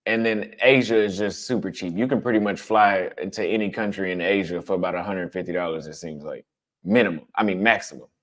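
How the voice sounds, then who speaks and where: A travel vlogger with a low voice talks fairly quickly in a casual livestream chat, answering his audience's questions about travel. He's blunt and conversational, repeating points for emphasis.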